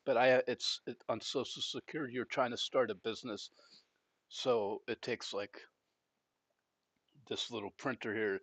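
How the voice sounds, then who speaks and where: A man's voice: mid-range voice, a bit bright, no echo. Breathless man rambling over a game. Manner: rambling and frank, with frequent fillers and restarts. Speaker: gaming channel host. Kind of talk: casual chat while playing a video game.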